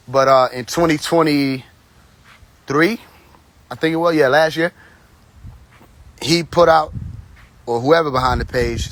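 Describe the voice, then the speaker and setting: A man's voice: fairly high pitch, a bit bright, dry recording. A man hosting a casual livestream on his phone, talking bluntly and profanely in a long, rambling, tipsy monologue. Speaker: live stream host. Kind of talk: casual live stream monologue.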